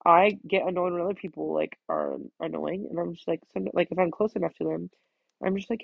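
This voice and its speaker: A woman's voice: on the low side, lively intonation, racing, vocal fry, husky, dry recording. A teenage girl venting to the camera from her bedroom in a chatty, casual rant, filling every phrase with "like" and swearing freely. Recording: dull, lo-fi dry recording.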